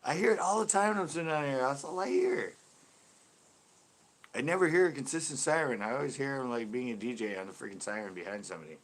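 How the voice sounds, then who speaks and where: A man's voice: medium pitch, animated, quick pace. A man from California, hosting a fishing channel in casual livestream chat, ranting loosely and swearing freely.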